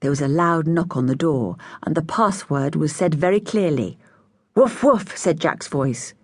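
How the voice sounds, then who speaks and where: A woman narrating a children's story, voicing each child with a higher, brighter pitch. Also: moderate pace, husky, no room sound, clean studio sound. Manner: lively, voices each child with raised pitch. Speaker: audiobook narrator.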